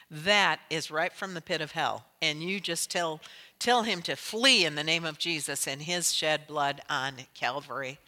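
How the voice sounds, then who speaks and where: A middle-aged woman preaching from a stage, her bright, forceful voice sitting a little low in pitch. She shifts from quiet storytelling to loud, impassioned exhortation. The sound rings with the long reverb of a large hall. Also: normal speed. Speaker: Christian speaker. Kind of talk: sermon with storytelling.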